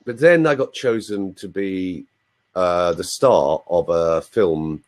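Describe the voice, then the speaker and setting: A man's voice: sits low, takes it slowly. A man in his sixties with an English accent, a voice coach telling stories in a playful, chatty way with asides to his audience, heard over a video call. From London, England. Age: 60s. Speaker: voice coach, interview guest. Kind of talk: anecdotal interview storytelling. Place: live online video chat room.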